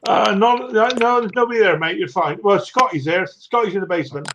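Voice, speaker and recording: A man's voice: sits high, fairly quick, fairly bright tone, highs cut off, a little hiss or hum. A man hosting a live stream, chatting in a chummy way and calling everyone mate. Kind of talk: casual chat.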